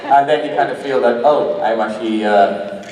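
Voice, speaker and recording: A man's voice: mid-range voice, moderate pace. A man on a convention panel telling playful, swearing stories as an actor. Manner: playful, swearing, laughing storyteller. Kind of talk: casual panel storytelling. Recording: echoey hall recorded from far off with crowd.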